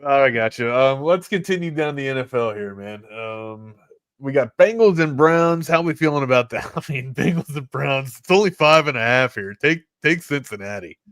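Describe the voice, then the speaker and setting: A male sports talk host giving betting picks in a loose, excitable, slangy way. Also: mid-range voice, moderate pace, clear, resonant tone, no room sound, studio quality. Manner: loose and excitable, slangy, says "man" a lot.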